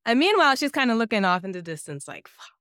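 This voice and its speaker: A woman's voice: fairly high pitch, big pitch swings, fast, fairly bright tone, smooth, dry recording, clean studio sound. A woman co-hosting a podcast in casual chat, often murmuring agreement and adding laughing asides. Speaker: podcast co-host.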